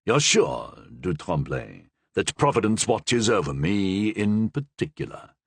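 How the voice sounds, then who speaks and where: A man doing a low, guarded old cardinal. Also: sing-song, a little slow, gravelly, breathy edge, no room sound, full character voice. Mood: measured. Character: shrewd, guarded older male cardinal.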